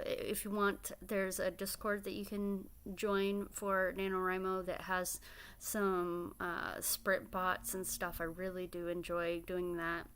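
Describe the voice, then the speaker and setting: A woman's voice: medium pitch, a bit bright, clear, resonant tone. Chatty woman streamer with hiccups. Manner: chatty, upbeat, many fillers. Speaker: writing livestream host. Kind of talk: casual livestream chat.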